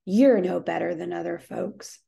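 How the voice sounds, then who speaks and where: Woman doing a storybook tax collector, middle-aged man, bossy, clipped, commanding, gravelly, low. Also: unhurried, mellow. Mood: curt, bossy.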